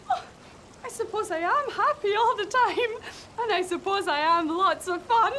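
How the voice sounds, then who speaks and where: A relentlessly cheerful young woman in a comic TV sketch, her voice perched very high and swooping all over the place. She drawls slowly and giggles, gushing in a sing-song way. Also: a bit bright, slight background noise, full character voice.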